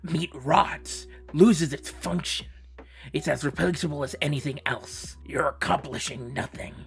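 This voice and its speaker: A speaker voicing a menacing male villain doctor in a low, hushed, half-whispered voice with a mock British accent, delivered slowly and ominously. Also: vocal fry, soft background music. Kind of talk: quoted game lines in a put-on voice.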